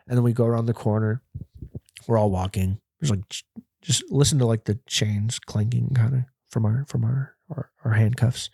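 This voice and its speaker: A man's voice: mid-range voice, moderate pace, gravelly, dark tone, breathy edge, no echo, studio quality. A man hosting a podcast and telling a story in casual speech. He rambles, swears heavily and laughs often. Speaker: podcast host.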